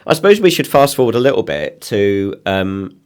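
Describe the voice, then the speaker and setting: A man with a fairly low voice hosts a podcast. He tells racing stories in relaxed, chuckling chat, breaking off for quick asides. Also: smooth. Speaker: podcast host. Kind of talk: casual chat.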